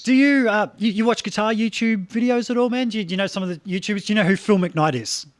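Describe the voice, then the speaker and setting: A man hosting a podcast in casual chat, telling stories fast with stutters and restarts. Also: sits high, no room sound. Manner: quick, stuttering storyteller. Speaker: podcast host.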